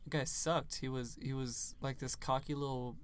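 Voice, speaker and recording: A man's voice: medium pitch, flat delivery, moderate pace, slight background noise. A young man co-hosting a casual podcast chat, joking and cursing freely, his voice a little strained from screaming at a concert the night before. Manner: joking, profane, laughs often. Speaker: podcast co-host.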